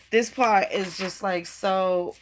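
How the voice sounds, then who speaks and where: A woman hosting a loose, unscripted stream from her computer. She talks straight to her viewers, rambles from one thought to the next, and swears freely. Her pitch sits in an ordinary middle range for a woman. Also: slight background noise. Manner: rambling, profane, conversational, addresses viewers directly. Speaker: channel host. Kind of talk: casual livestream talk.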